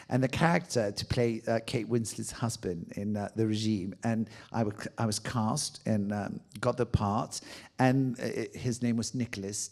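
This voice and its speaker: A man from France with a French accent, a native French speaker and actor, answering audience questions in a playful, expressive way. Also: fairly low pitch. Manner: playful, expressive, laughs often. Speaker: guest author and actor. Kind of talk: audience Q&A conversation.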